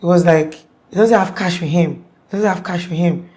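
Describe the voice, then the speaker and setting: A young woman with a Nigerian accent speaks in a somewhat low voice. She tells her account in a loose, rambling way and keeps restarting her sentences. Her talk is full of "like" fillers, as in a casual interview. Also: brisk, warm tone.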